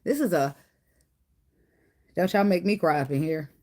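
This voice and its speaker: Animated woman giving a casual tarot reading. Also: normal speed. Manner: animated, swears freely, breaks into high acted quotes and laughter. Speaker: tarot reader.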